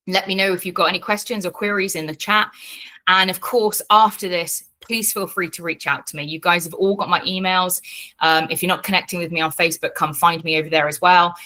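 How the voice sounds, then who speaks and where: A woman coaching a live online workshop in a casual, frank way, swearing freely and explaining things with lots of fillers. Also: lowish voice. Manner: animated teaching with fillers.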